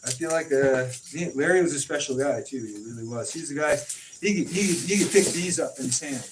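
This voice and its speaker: A man telling stories in a casual chat, acting out quoted dialogue with animated swings in his delivery. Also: fairly high pitch, a little fast. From California. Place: informal home conversation. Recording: distant mic with faint noise.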